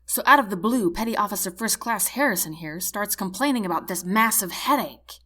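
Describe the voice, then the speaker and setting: A woman's voice: medium pitch, expressive, a bit bright. A woman doing a babbling young seaman. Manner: rushed babbling.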